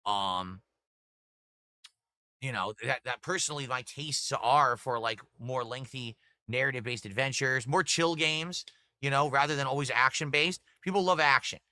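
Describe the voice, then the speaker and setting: A middle-aged livestream host with a medium-pitched, bright, forceful voice chats casually at a moderate pace. He rambles, talks to his chat, and reads out viewers' messages and tips. The sound is studio quality with no echo.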